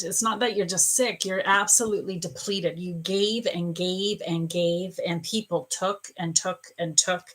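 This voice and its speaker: Soothing bright-voiced woman psychic. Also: lowish voice. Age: middle-aged. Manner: soothing, calls listeners dear and love. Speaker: psychic reader. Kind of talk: live-stream reading for viewers.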